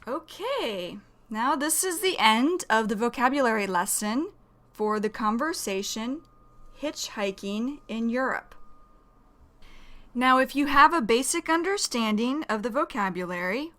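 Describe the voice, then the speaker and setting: A woman's voice: on the high side, lively intonation, a little slow, sharp tone. A woman teaching an English vocabulary lesson, explaining words carefully and repeating them.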